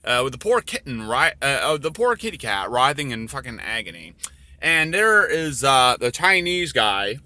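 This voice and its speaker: A man's voice: medium pitch, big pitch swings, moderate pace, bright, forceful tone, no room sound. A man reading his own story aloud, with rambling, profane, offhand commentary between passages.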